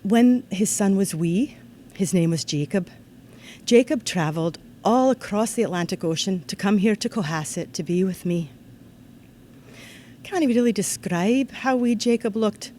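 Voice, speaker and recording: A woman giving a formal ceremony address to students, in an earnest, measured way that turns lively when she tells a story. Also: medium pitch, a little hiss or hum. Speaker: ceremony speaker. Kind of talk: formal commencement-style address.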